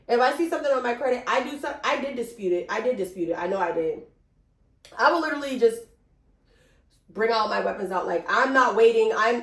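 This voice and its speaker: A chatty young woman tells a long personal story to her viewers, animated and quick to swear. Her voice sits a little high. The room around her has a noticeable echo. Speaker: vlogger. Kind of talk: casual storytime vlog.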